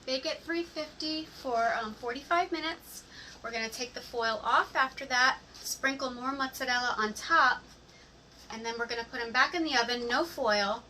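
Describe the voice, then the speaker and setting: High-pitched lady doing a kitchen cooking vid, chatty step by step, kinda far off mic, noisy background. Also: sharp tone. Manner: chatty, talks viewers through each step. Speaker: home cooking host. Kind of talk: casual cooking demonstration. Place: home kitchen.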